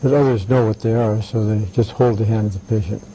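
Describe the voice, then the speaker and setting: An older man being interviewed, telling anecdotes in a halting way with many "right"s and "uh"s. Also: fairly low pitch, steady tone, mellow, slight background noise, low-quality recording. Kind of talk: conversational interview.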